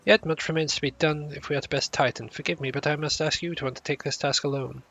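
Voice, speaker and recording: A man's voice: on the high side, steady tone, fast talker, creaky, a bit bright, faint music behind. A man voicing an earnest, formal young male scholar in a game, stumbling over some of the words.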